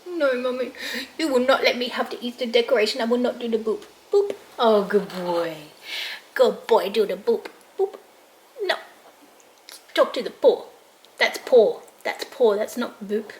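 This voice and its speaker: A woman's voice: a little high, unhurried, slight background noise, close to an everyday voice. Woman putting on a sulky pouting pet dog. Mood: pouty. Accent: Australian. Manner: whiny, pouty complaining. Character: sulky young male pet dog, whiny.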